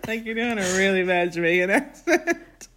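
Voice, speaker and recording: A woman's voice: mid-range voice, expressive, normal speed, fairly bright tone. Wry, rambling woman co-host. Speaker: podcast co-host. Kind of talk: casual chat.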